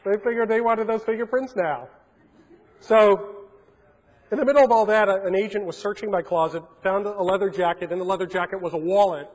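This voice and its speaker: A man's voice: sits high, a little fast. A man giving a keynote talk, telling a story and acting out the dialogue in a large conference hall. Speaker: keynote speaker.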